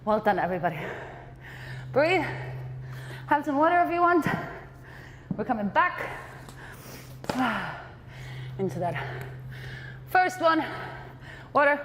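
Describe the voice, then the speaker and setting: A woman's voice: high-pitched, sing-song, a little slow, pauses often, big-room sound, background noise. A woman fitness trainer coaching a workout class, encouraging and out of breath between exercises.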